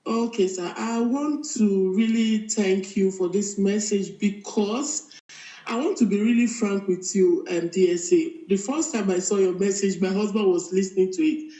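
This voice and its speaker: Animated woman calling in, echoey line. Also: mid-range voice, moderate pace. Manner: animated, laughing storyteller. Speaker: caller. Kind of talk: phone-in testimony. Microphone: phone call played into the room.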